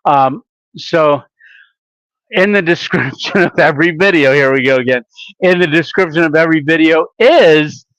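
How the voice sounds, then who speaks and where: A man's voice: fairly high pitch, moderate pace, a bit bright, dry recording. A man hosting a casual camping live stream, rambling along with lots of filler sounds and restarts. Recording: dull lo-fi dry sound.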